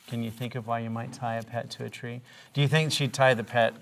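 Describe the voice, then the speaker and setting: Patient male teacher with a gravelly voice. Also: mid-range voice, fairly even intonation, a little fast, fairly bright tone, a little hiss or hum. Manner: patient, encouraging questions to young pupils. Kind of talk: classroom reading lesson. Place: classroom.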